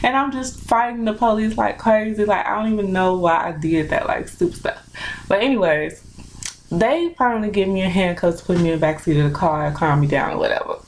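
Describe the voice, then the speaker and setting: A young woman telling a personal story in a casual, animated, chatty way with lots of fillers. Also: medium pitch, a little fast, a little hiss or hum, low-quality recording. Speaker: vlogger.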